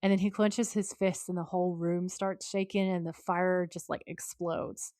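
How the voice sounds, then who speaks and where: A woman's voice: on the low side, little pitch movement, normal speed, a little mellow, dry recording, studio quality. A woman co-hosting a podcast, recapping a TV episode in casual chat and quoting the characters' lines. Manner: recounts scenes at length, acting out the lines she quotes. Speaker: podcast co-host.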